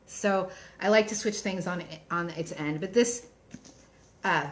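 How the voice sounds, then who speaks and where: A woman's voice: lowish voice, unhurried, fairly bright tone. A woman author in a casual live-streamed book chat, chatty and enthusiastic, reading out book titles between frequent ums.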